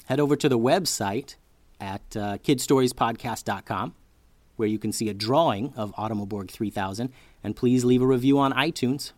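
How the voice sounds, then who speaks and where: A man narrating a children's story with a lively, expressive reading. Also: medium pitch, moderate pace, no room sound.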